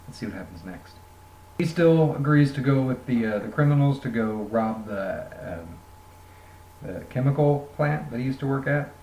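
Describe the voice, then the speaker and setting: A man's voice: medium pitch, darkish tone, slight background noise. A man casually reviewing a graphic novel, rambling and joking with lots of fillers. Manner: rambling, jokey, many fillers. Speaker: comic book reviewer. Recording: roomy echoey room.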